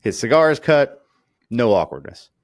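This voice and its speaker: A man's voice: medium pitch, normal speed, no room sound, studio quality. A man co-hosting a casual chat, telling stories with lots of fillers and acting out quoted voices. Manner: animated storyteller, acts out quoted voices. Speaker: podcast co-host.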